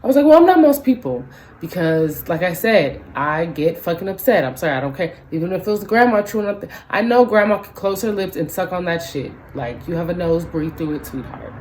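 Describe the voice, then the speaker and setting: A woman in her twenties telling a story in a ranting vlog, animated and profane, acting out both sides of the conversation. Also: fairly low pitch, brisk, slight background noise, poor audio. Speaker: vlogger.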